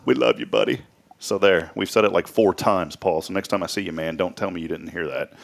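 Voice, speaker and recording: A man's voice: low voice, steady tone, vocal fry. Joking man hosting a morning show. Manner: joking, rambling storyteller with quick asides. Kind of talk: casual chat.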